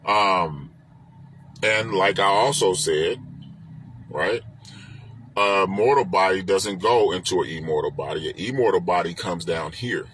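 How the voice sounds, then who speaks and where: A man with a low, fairly bright voice speaks at a measured pace while teaching a spiritual text on a live stream, captured by a phone or webcam with a little hiss or hum. He preaches emphatically and repeats himself, throwing in rhetorical questions.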